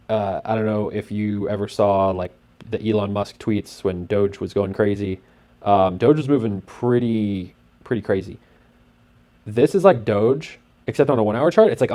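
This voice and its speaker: A man narrating casually over his screen as host, talking in an excitable, rambling way with lots of fillers. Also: fairly low pitch. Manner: acts out sound effects and his own thoughts.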